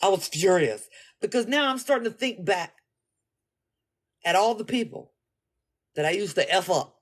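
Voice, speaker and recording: Blunt, husky-voiced woman telling a story. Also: mid-range voice, normal speed. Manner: blunt, profane and animated. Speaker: vlogger. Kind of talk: casual storytelling monologue.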